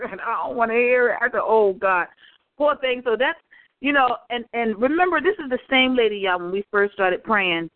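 A high-pitched woman spinning lively workplace stories in casual chat, acting out what people said. Her voice comes through a tinny, phone-like line, and the sound is dry and close. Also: moderate pace, no room sound. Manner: animated storyteller, acts out quotes. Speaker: podcast co-host.

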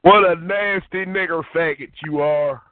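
A man with a notably high voice trolls strangers on a phone call, speaking in a mocking, abusive way. The sound is a thin, tinny phone line with no room around it. He keeps needling and provoking. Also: unhurried, dry recording. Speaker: prank caller.

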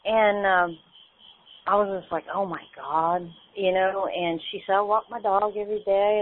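Woman sharing her story over a phone line. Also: medium pitch. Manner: emotional, repeats phrases, acts out quoted dialogue. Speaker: community call participant. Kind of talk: personal sharing on a group call. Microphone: phone call.

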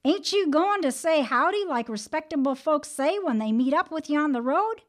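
A woman's voice: sits high, lively intonation, moderate pace, voice pushed up. A woman doing a hollering, hot-tempered male rabbit. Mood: demanding. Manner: hollering, exaggerated storyteller voice.

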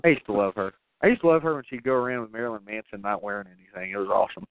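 Speaking rapid-fire in a fairly low, animated voice, a podcast co-host goes over a horror movie in casual, profane, filler-heavy chat with many laughs. The recording is phone-like and tinny, dry with no room sound.

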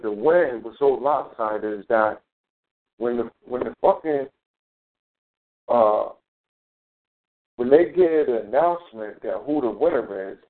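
Profane, heated man on tinny audio. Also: medium pitch. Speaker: show host. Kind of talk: casual live-stream talk. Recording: tinny phone-quality audio.

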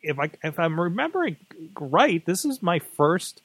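A man's voice: fairly high pitch, sing-song, normal speed, fairly bright tone, breathy edge, no room sound. Rambling man hosting a solo podcast. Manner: rambling, many fillers and restarts. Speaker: podcast host. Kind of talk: casual solo monologue.

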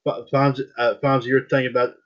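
A man hosts a loose wrestling chat, tossing questions to his co-hosts between fillers and restarts. His voice sits in a middling pitch. The audio is a little muffled and lo-fi. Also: level tone. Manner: halting, many restarts and fillers. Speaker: podcast host.

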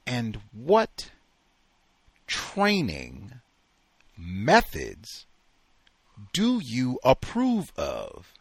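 A man's voice: mid-range voice, wildly swooping pitch, very slow, long pauses, husky, dry recording, full character voice. A man reading as choked, angry dog trainer Keys. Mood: choked anger. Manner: choking, words coming out between gulps. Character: man who trains dogs, choked with anger.

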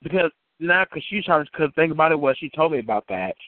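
A man with a fairly high voice calls in to a community call, talking quickly with lively intonation. He rambles through a casual story, cursing and repeating himself. The line sounds tinny, like a phone, and dry, with no echo.

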